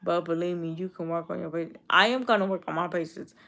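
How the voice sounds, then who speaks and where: Young woman in her 20s on a stream, aave, low-ish voice, blunt and repetitive, talking back to chat. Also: fast talker, vocal fry, pushed and bright. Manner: blunt, repetitive, talks straight back to commenters. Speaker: YouTube streamer. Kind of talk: casual live-stream chat with viewers.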